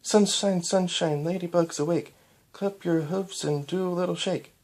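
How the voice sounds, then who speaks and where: Reader doing motherly older pony mare, high voice, lilting, gentle. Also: sing-song, normal speed. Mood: singsong.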